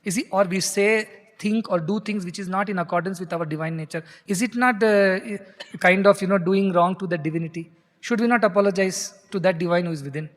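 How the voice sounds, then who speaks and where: Guy teaching scripture, fairly high voice, chants a verse then explains it, long hall echo. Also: fairly quick. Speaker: spiritual teacher. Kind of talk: scripture discourse.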